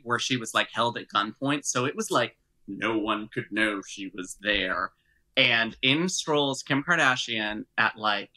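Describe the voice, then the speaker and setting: A young man is a guest on a casual podcast, with a bright, forceful tone. He tells expressive stories, dropping to hushed asides and then bursting into louder laughter. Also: fairly low pitch, low-quality recording. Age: young adult. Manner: expressive storyteller, swings between hushed asides and loud laughter. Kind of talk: casual chat.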